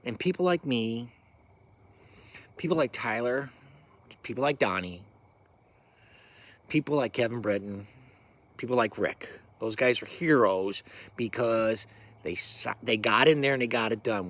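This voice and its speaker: A middle-aged man who served in the military, giving an angry, profane, rambling rant that swings from low mutters to loud bursts. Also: unhurried, long pauses. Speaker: military veteran ranting.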